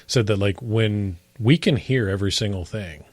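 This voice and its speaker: A man's voice: on the low side, normal speed, dry recording. A man from Canada, a guest on a casual sports podcast, rambling and playful, often breaking off mid-sentence. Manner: rambling, self-interrupting, playful.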